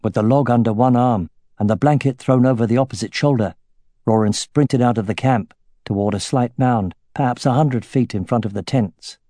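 A man narrating a fantasy audiobook in a measured, steady way. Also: medium pitch, no echo, clean studio sound.

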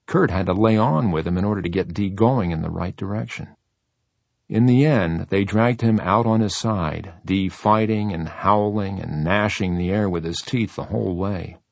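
A man reading a novel aloud in steady, measured narration. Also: sits low, gravelly, no echo. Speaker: audiobook narrator. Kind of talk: scripted narration.

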